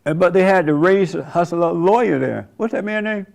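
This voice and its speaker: Gravelly older man preaching casually. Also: high voice, animated, moderate pace, a little mellow. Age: 70s. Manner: laughing often, mocking; folksy, conversational. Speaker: church host. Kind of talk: sermon monologue.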